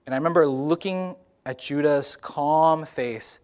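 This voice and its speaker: A young man telling a comic personal story in a sermon-style talk, animated and lively. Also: on the high side, measured pace, few pauses.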